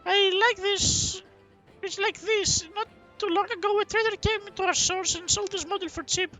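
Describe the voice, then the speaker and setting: A man voicing an eager, chatty monastery trader in a high falsetto, reading game dialogue aloud. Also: fairly even intonation, normal speed, pushed and bright, faint music behind.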